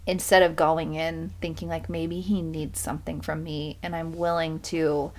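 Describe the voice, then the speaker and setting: A woman's voice: deep voice, flat delivery, moderate pace. A woman hosting a podcast, chatting candidly and reflectively. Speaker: podcast host. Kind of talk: podcast conversation.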